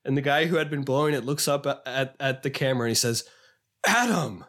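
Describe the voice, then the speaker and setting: A man co-hosting a podcast in casual chat, animated and sometimes quoting clips in a higher put-on voice. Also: quick pace. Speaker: podcast co-host.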